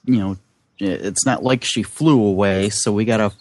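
A man's voice: lowish voice, moderate pace, darkish tone, no echo. A man playing a tabletop role-play character, thinking aloud and restarting his sentences. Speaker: player.

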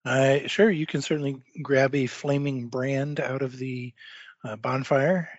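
A man acts as game master for a tabletop horror game, narrating scenes calmly and at length. His voice comes over a dull, lo-fi online call, and the sound is dry and close. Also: medium pitch, no room sound. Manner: calm, drawn-out descriptive narration.

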